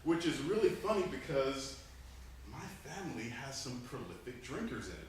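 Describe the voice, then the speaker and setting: A man in his thirties, from Panama, giving an animated humorous speech to a club, laughing between lines. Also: mid-range voice, moderate pace. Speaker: club speaker. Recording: echoey room, distant mic, faint noise.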